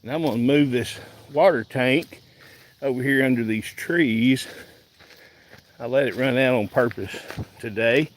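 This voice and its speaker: Out in a pasture, a man vlogs casually while he works, filming farm chores on a handheld phone and tossing chatty asides to viewers in a slow rural drawl. Hauling leaves him a bit out of breath; his voice is medium-pitched, and the rough recording carries a little hiss or hum.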